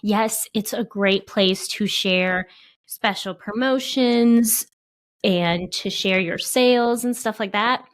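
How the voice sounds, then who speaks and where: A woman co-hosting a podcast, talking fast with a stuffed-up nose in a casual chat. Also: medium pitch. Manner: fast-talking, laughs at herself. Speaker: podcast co-host.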